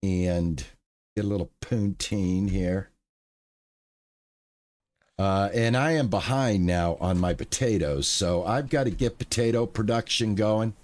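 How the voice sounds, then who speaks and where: A man chatting casually on a live stream, relaxed and thankful, with lots of fillers and restarts. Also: on the low side, takes it slowly.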